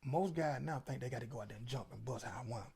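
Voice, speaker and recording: A man's voice: mid-range voice, fast talker, creaky, a little mellow, breathy edge. A middle-aged man, a featured interview guest, telling stories in a casual, emphatic, preachy way. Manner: preachy, emphatic, Southern Black vernacular.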